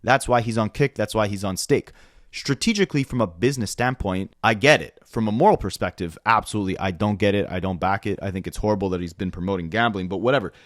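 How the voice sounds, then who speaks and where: A man hosting a casual rap commentary, talking in an animated, incredulous way full of fillers. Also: lowish voice, quick pace, no echo, clean studio sound.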